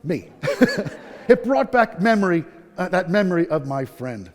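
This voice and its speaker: A man's voice: high voice, sing-song, unhurried. Candid man telling his story in a hall. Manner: candid, self-deprecating, quotes people in their voices. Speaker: conference speaker, patient. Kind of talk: personal story told on stage. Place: conference hall. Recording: long hall reverb.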